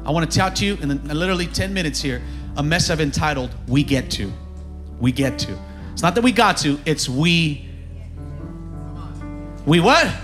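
A man preaching a sermon to his church, energetic and rising into shouts, calling to the congregation. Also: a little high, normal speed, pauses often, soft background music. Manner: energetic preaching, bursts of shouting, call-and-response. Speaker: pastor. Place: church sanctuary.

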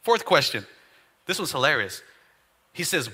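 Male pastor, high voice, very bright, jokes and rallies the congregation. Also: a little fast, slightly rough. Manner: animated, joking, calls for crowd response. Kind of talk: sermon.

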